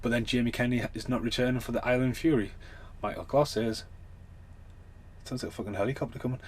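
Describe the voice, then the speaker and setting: A man's voice: medium pitch, fairly even intonation, fast. A man ranting casually as a film reviewer, chatty and loose, swearing freely, a little tipsy. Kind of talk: casual rambling rant.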